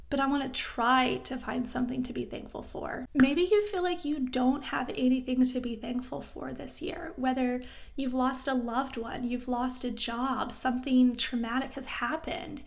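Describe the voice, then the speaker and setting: Young woman vlogging, high voice, soft and comforting, kinda emotional. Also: vocal fry. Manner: gentle, reassuring, emotional. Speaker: lifestyle vlogger. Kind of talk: heartfelt talk to camera.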